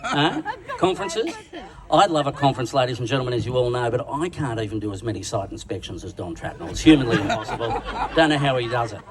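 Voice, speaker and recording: An Australian man delivers a crude, bawdy roast into a stage microphone, mocking himself as much as his target. His voice sounds set back from the mic, and a loud dinner crowd laughs and roars around him. His pitch sits in an ordinary middle range. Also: animated, quick pace, distant mic. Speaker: roast speaker. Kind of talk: stand-up roast speech at a dinner. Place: large function room at a dinner event.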